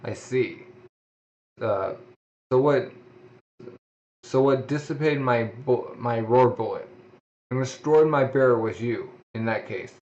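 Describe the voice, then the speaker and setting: A gruff, menacing manga fighter, voiced by a man reading aloud, speaking slowly and bluntly. The sound is dull and lo-fi. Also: medium pitch, darkish tone, lightly acted. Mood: calculating.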